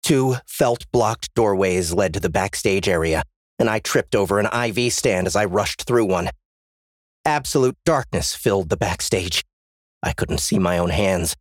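A man's voice: fairly low pitch, measured pace, no echo, studio quality. A man narrating a first-person story as an audiobook, in a tense, dramatic reading.

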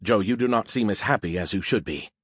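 Man doing a formal lecturing male AI in a can, moody, low, husky, audiobook. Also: fairly quick, no room sound, clean studio sound. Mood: glum. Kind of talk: audiobook character reading.

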